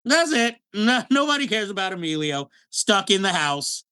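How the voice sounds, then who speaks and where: A man with a high, very lively voice and a bright, sharp edge talks through a film in a relaxed podcast chat. He is animated, laughs often and keeps breaking off to restart his sentences. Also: normal speed, smooth. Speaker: podcast co-host. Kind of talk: casual film review chat.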